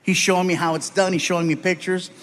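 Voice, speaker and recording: A man from the United States doing animated stand-up storytelling on a live comedy stage, acting out voices and swinging between loud and soft. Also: high voice, fast talker.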